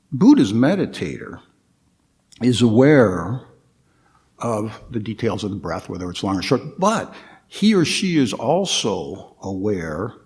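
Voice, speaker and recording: A man with a somewhat low voice delivers a guest dharma talk at an easy, slow pace. His pitch moves widely as he explains, and he often pauses and restarts his phrases. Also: darkish tone. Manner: hesitant, with frequent restarts and pauses.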